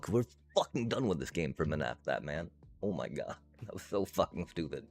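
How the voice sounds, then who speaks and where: A man with a very low, gravelly voice rants his way through a card game on stream, swearing at nearly every turn. His pitch swings widely as he vents. Faint music plays underneath. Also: animated, fast talker. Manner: frustrated, swears constantly, rants. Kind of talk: casual gaming commentary.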